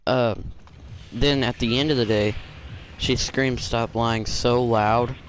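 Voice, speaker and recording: A man's voice: medium pitch, steady tone, takes it slowly, slight background noise. A man hosting a channel, telling a casual storytime with rambling, filler-heavy talk. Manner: rambling, with many fillers and restarts. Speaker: gaming channel host.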